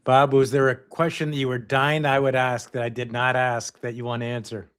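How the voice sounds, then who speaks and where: A man's voice: mid-range voice, little pitch movement, brisk, clean tone. Man asking short questions from off-mic. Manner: brief upbeat reactions and short questions. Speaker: interview host. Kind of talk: casual interview.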